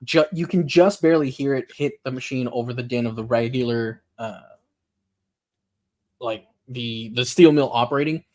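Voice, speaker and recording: A man runs a tabletop game as its narrator, setting scenes in a relaxed, halting way. He talks at a middling pitch and keeps stopping to restart his sentences. His speech is full of little fillers as he thinks aloud. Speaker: game master.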